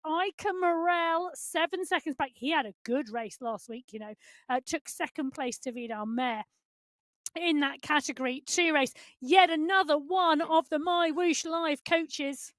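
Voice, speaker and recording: A woman's voice: high-pitched, fairly bright tone, dry recording. A woman co-commentating a live virtual cycling race, chatty and teasing. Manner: chatty, teasing, often starts with "I'll tell you something". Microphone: headset with talkback in ears.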